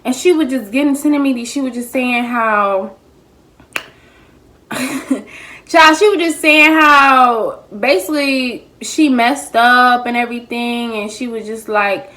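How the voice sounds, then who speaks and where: A woman telling a casual storytime to her viewers, animated and slangy, talking straight to the camera while she eats. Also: a little high, measured pace. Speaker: vlogger.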